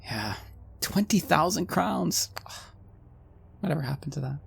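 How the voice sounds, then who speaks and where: A woman's voice: on the low side, slow, vocal fry, breathy edge. A woman playing a tabletop roleplaying game, muttering dry remarks. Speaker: player.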